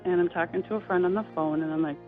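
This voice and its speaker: A middle-aged woman, an interview guest, telling a personal story in a halting, heartfelt way with many fillers and restarts. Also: lowish voice. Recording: tinny phone-line sound with faint music.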